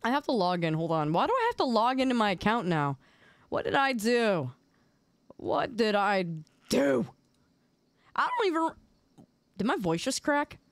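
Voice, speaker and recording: A young adult woman streamer chatting casually on a live stream, playful and excitable, quick to laugh. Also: a little high, no echo. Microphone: desk microphone.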